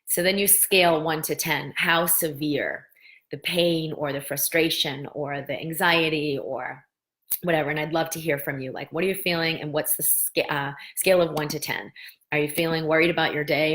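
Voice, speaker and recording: Middle-aged woman with a low voice, gentle host leading a guided lesson, talky and slow on key phrases. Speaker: host, medical practitioner teaching tapping.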